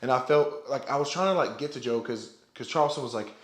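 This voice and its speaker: A young man recounting a story straight to the camera in a loose, rambling way, circling back with restarts and filler words and the odd curse. His voice sits at an ordinary middle pitch. The room around him rings with a noticeable echo. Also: fast talker, few pauses, a little hiss or hum. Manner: rambling, many restarts and "like", swearing. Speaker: powerlifter telling a story. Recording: roomy echo.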